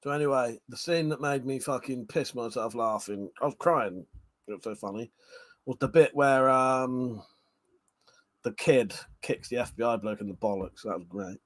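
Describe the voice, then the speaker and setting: A man's voice: medium pitch, normal speed, a bit bright. A man hosting a casual livestream chat. He swears a lot and laughs often. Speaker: livestream host.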